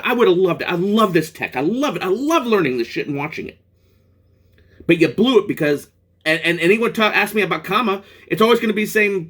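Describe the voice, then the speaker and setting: Angry man ranting, lively high voice. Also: fairly quick, breathy edge. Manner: angry, profane, rambling rant with restarts. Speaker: product reviewer. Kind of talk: ranting vlog.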